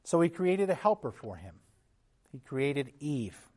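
A man preaching a sermon in an earnest, teaching tone. His voice sits a little higher than most men's, and he sometimes restarts a phrase or clears his throat as he goes. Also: sing-song, a little slow, a little mellow. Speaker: pastor.

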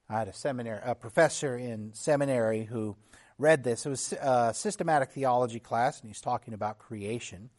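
A man preaching a sermon as a pastor, teaching in an earnest tone, with restarts and occasional throat clearing. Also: mid-range voice, brisk, darkish tone.

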